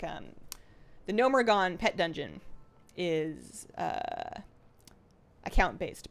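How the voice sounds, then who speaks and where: Young woman streamer, casual at-home chat, rambling and self-deprecating, lots of ums and restarts. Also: on the high side. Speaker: livestream host. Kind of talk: casual chat reading viewer comments. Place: home apartment.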